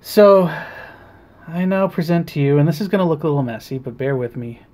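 A man who tinkers as a hobby, casually demonstrating a build and talking in a halting way with many fillers. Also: on the high side, lively intonation, a little mellow, slight background noise. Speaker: hobbyist maker.

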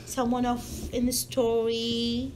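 A woman with a fairly high voice reads a picture book aloud to her child, slowly and patiently. She pauses often to coax answers out of the child, speaking simple non-native English. Her pitch swings widely as she acts out the story, with a faint hiss in the background. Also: monotone, darkish tone. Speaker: parent reading to a child.

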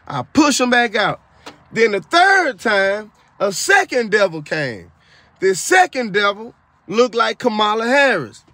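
Very high, bright and forceful, this man's voice comes through a dry recording as he retells a dream for his video audience. His delivery is casual and emphatic, testimony-like, full of repetition for effect and the odd sermonizing tangent.

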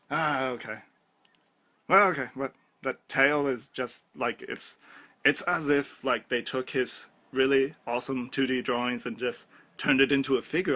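A man's voice: medium pitch, moderate pace, bright, forceful tone. A man doing a comedic parody toy review, ranting in exasperation and stammering over his words.

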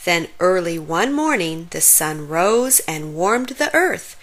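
A woman reading a children's storybook aloud in an expressive, unhurried way. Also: fairly low pitch. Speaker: storybook reader.

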